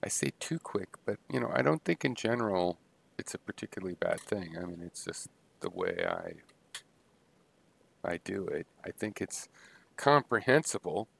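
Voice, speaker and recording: A man thinking aloud in a halting, unscripted philosophical monologue, full of pauses and restarts. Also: low voice, huge pitch swings, vocal fry, breathy edge. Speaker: video blogger musing on philosophy.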